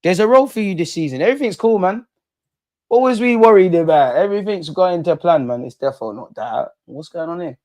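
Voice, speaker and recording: A young man hosting a live football watch-along, blunt and slangy, chanting and shouting when his team scores. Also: high-pitched, expressive, a little fast, no room sound, studio quality.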